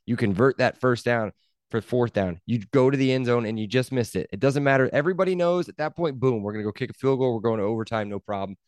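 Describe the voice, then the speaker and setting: A man's voice: medium pitch, quick pace, a little mellow, dry recording. Emphatic man in a dry room. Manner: emphatic, repeats himself, argues points. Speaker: podcast co-host. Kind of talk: casual sports chat.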